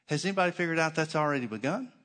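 A male pastor delivering a sermon in a fairly high-pitched voice. He preaches emphatically, working through rhetorical questions and tossing in dry, sarcastic asides. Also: animated, very fast, a bit bright.

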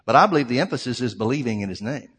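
A man preaching to his congregation, reading verses and breaking them down point by point. His voice sits at an ordinary middle pitch and carries a long hall reverb behind it. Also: animated, racing, fairly bright tone, slightly rough. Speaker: pastor. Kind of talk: sermon.

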